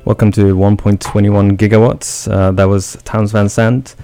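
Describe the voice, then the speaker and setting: Deep-voiced relaxed male radio host. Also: moderate pace, soft background music. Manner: relaxed, easygoing with fillers. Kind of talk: casual radio interview.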